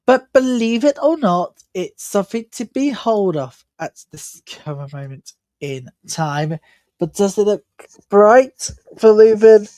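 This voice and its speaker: A woman's voice: medium pitch, measured pace, a little mellow, dry recording. A tired woman hosting a live football watch-along, chatting and commenting on play in a rambling, chatty way. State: tired, yawning. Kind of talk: live match commentary and chat.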